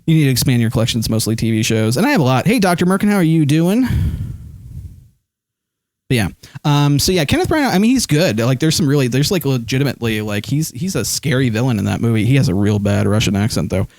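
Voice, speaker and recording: A man's voice: medium pitch, animated, fast talker, darkish tone, dry recording, studio quality. A man streaming live, rambling casually and reading chat comments aloud with lots of fillers while holding his phone. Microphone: desk microphone.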